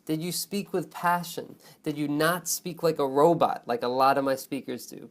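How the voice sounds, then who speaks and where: A man teaching a speaking lesson to students. He talks in an expressive way, stretches key words for emphasis and keeps checking in with "right?" and "okay?". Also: on the high side, moderate pace, few pauses. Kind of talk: online lesson on test speaking.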